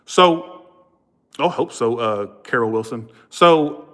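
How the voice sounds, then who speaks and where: A tarot reader hosting a livestream, this man speaks slowly in a medium-pitched voice. He tells stories casually but with feeling, animated and emotional, swearing freely and thanking viewers warmly again and again.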